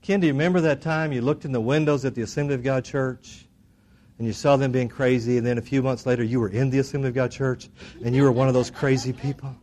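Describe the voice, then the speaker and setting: A man preaching a sermon, building to shouted declarations and leading the congregation in call-and-response, then dropping into soft prayer. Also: mid-range voice, steady tone, fast. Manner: drops into soft, quiet prayer. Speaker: pastor.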